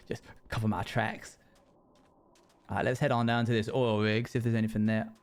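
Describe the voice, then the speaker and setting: A man's voice: lowish voice, flat delivery, normal speed. A man streaming a survival game, talking to himself in character with folksy rustic phrasing and frequent chuckles. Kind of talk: in-character role-play narration.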